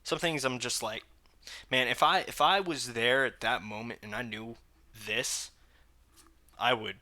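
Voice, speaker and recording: A man's voice: medium pitch, measured pace, pushed and bright. A young man hosting a reaction video, talking casually in an agitated, blunt way and repeating himself.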